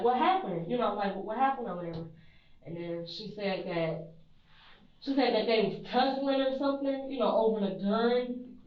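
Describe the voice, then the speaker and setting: A young woman being questioned by police, rambling with lots of "you know" and "like" and trailing off quietly at the ends of her lines. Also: mid-range voice. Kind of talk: police interview recording. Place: police interview room. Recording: echoey distant muffled interview-room mic.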